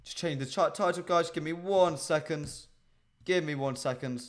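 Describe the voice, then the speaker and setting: A man's voice: a little high, normal speed. A man hosting a casual football live stream, chatting straight to his viewers with frequent ums. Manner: chatty, addresses chat directly, frequent ums. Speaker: livestream host.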